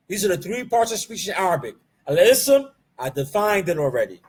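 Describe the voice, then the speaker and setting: A man teaching an online Arabic grammar class. He asks the class questions and answers them himself, drills key terms slowly and mixes Arabic terms into his English. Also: high-pitched, very animated, breathy edge. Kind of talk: live online class lecture.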